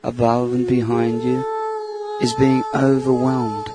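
A man leading a guided visualisation meditation in a slow, soothing voice. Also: mid-range voice, flat delivery, over loud music.

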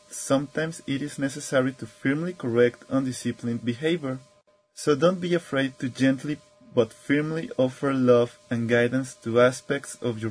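A man speaking calmly and reflectively as a spiritual teacher, telling a story in a measured way. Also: mid-range voice, breathy edge.

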